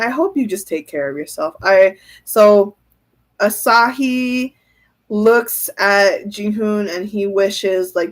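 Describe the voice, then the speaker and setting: A woman giving a casual tarot reading on a livestream, thinking aloud, answering viewer comments and often breaking into giggles. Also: medium pitch. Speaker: tarot reader.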